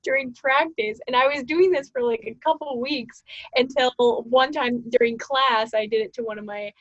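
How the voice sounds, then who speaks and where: A woman's voice: sits high, moderate pace, a little hiss or hum. A young woman co-hosting a podcast, telling stories in a chatty way and giggling often. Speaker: podcast co-host. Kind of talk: casual podcast chat. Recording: dull lo-fi dry sound.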